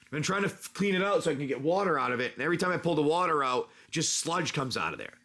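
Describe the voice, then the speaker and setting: A man's voice: a little high, very animated, quick pace, a bit bright. Man doing a ghoulish potato farmer. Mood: pleading. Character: poor little ghoulish male potato farmer.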